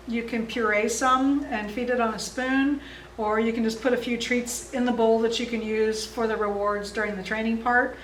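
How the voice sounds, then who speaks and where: A woman's voice: on the high side, slight background noise. A woman dog training instructor explaining exercises in a friendly, easygoing way, chuckling often. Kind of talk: instructional seminar talk. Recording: roomy, distant mic.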